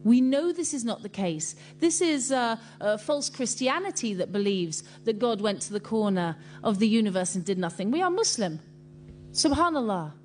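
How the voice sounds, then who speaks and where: A woman giving an impassioned religious talk to a congregation, telling stories earnestly and emotionally with many pauses. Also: medium pitch, darkish tone, a little hiss or hum. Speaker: speaker addressing a Muslim congregation.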